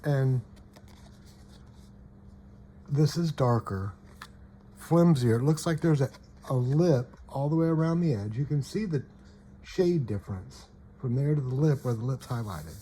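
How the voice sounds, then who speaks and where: A man's voice: mid-range voice, lively intonation, normal speed, mellow, a little hiss or hum. A man casually showing trading cards, often checking "okay?" and trailing off mid-sentence. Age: adult parent. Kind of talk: casual show-and-tell.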